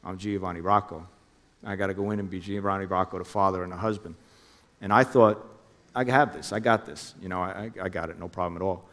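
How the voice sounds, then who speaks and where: Middle-aged man, low voice, animated storyteller who acts out quotes, interview guest. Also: quick pace, big-room sound. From New Jersey. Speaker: former undercover officer.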